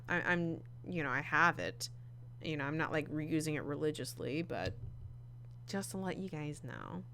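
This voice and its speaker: A woman's voice: deep voice, pushed and bright, a little hiss or hum. A woman giving casual, rambling commentary while playing a game, chatty and full of fillers. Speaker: gameplay streamer. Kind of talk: casual let's play commentary.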